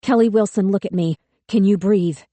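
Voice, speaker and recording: A woman's voice: medium pitch, moderate pace, dark tone, dry recording, close to an everyday voice. Audiobook figure: frightened young woman, raised and strained, read by a woman. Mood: urgent. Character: frightened young woman lawyer, pleading, shaky.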